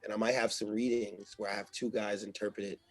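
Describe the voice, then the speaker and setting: A man talking as a guest in a casual interview, loose, slangy and animated, with a husky voice. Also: fairly low pitch, brisk, no echo, soft background music.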